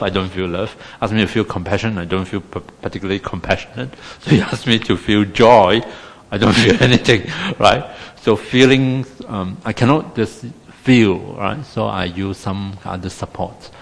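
A Singaporean man teaches a meditation class in a wry, chatty, self-deprecating way, tossing in little tag questions as he goes. His voice sits somewhat low. It carries a long reverb, as if he were speaking in a hall. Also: normal speed, vocal fry, hardly any pauses. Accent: Singaporean English.

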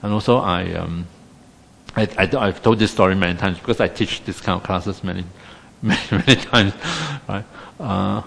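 A man's voice: low-pitched, normal speed, creaky, a bit bright, big-room sound. A man with a Singaporean English accent, teaching a meditation class in a wry, self-deprecating, chatty way full of tag questions.

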